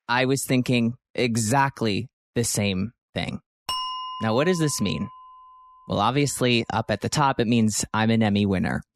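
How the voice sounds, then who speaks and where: A man's voice: mid-range voice, fairly bright tone, no echo, clean studio sound. A man in his thirties hosting a comedic solo podcast, playful and theatrical, mock-boastful, with big swings in his voice. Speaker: podcast host.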